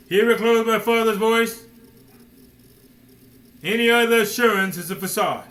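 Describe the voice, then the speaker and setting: A man's voice: high-pitched, normal speed, pauses often, fairly bright tone, rough recording. A man preaching a sermon emphatically, firing rhetorical questions and addressing listeners directly as man and son.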